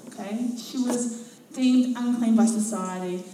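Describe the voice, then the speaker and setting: A woman preaching a sermon in a church, telling Bible stories with lively, expressive delivery and acting out the lines. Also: on the high side, measured pace, slight background noise. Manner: expressive storytelling, acts out quotes. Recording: very echoey church from a distance.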